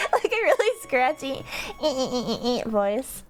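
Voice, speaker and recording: A woman's voice: sits high, very animated, drawn-out words, faint music behind. A woman streamer chatting casually with her viewers, rambling into tangents and laughing often.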